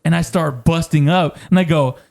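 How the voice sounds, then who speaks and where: This podcast co-host has a gravelly voice on the high side and talks at a normal speed. Chatting casually, he spins funny stories with lots of animation, frequent laughter, and plenty of swearing.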